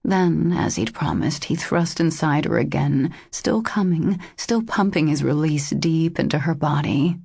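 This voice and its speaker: A woman narrating a romance audiobook in a slow, intimate reading. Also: sits low, vocal fry, darkish tone, slightly rough, no echo.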